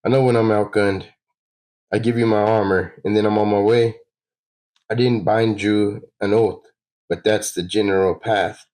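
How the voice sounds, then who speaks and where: A man voicing a grim young male warrior in a comic, speaking in a slow, threatening way. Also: fairly low pitch, steady tone, a little mellow, lightly acted, rough recording. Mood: menacing.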